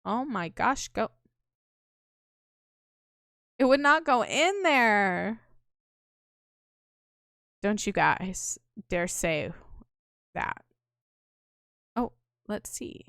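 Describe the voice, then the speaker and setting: A woman's voice: mid-range voice, lively intonation, extremely slow, creaky, pauses often, a bit bright, no echo, studio quality. A woman playing a video game, muttering offhand reactions as she goes. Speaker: let's-play gamer. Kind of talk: casual play-through commentary.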